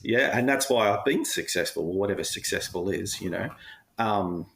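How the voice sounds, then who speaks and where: A man with a low, gravelly voice shares his story on a podcast. He talks in a candid, rambling way, full of "like" and "you know", and his voice softens with emotion at times. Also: expressive, normal speed. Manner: candid, rambling, frequent fillers, occasional laughs; emotional when talking about himself. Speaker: podcast guest. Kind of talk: casual personal storytelling.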